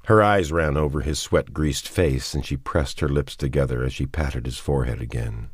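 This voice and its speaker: Man reading a novel aloud, super deep voice, husky, slow and somber. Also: dry recording. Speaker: audiobook narrator. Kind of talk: scripted narration.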